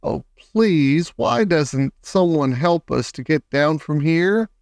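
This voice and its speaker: A man's voice: on the high side, animated, slow pace, gravelly, darkish tone, no echo, exaggerated voice. A man acts out a genteel storybook spider lady who frets and begs for help. The voice climbs above his own. The recording is close and dry. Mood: pleading. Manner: pleading, fussy.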